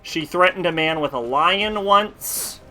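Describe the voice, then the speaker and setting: A male game streamer with a bright, forceful voice that sits a little high, talking casually with plenty of swearing. He tells rambling stories between moments of play. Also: measured pace, soft background music. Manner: rambling, profane storytelling. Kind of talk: casual chat while playing.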